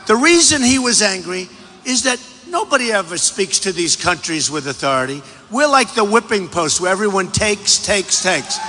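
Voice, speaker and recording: A man giving a campaign rally speech from a podium microphone in a large venue, repetitive and boastful, often shouting his asides. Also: high voice. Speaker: political candidate. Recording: long arena reverb, faint background noise.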